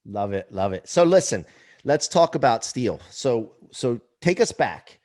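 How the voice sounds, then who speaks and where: A man's voice: medium pitch, very animated, unhurried, a little mellow. Playful, joking male podcast host. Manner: joking, laughs along, playful. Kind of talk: casual interview chat.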